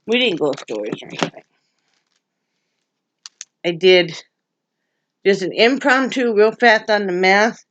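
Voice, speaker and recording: A woman's voice: mid-range voice, lively intonation, unhurried, pauses often, fairly bright tone, a little hiss or hum. Chatty, rambling woman from Wyoming. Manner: rambling, chatty, restarts sentences. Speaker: vlogger. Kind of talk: casual home chat. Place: at home, indoors.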